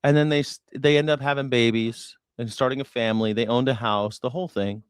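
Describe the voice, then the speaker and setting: In a dry, studio-quality recording, a man's mid-range voice comes across steady, clean and fairly quick. He hosts a news reaction stream, delivering heated political commentary while swearing, being sarcastic and arguing with his chat.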